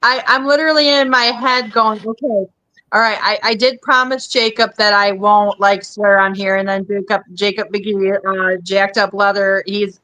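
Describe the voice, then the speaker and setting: A woman's voice: mid-range voice, steady tone, normal speed, pushed and bright. A Midwestern woman with a Minnesota accent, hosting a casual chat show and rambling along with lots of fillers. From American Midwest. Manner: chatty, rambling, frequent fillers. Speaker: podcast host.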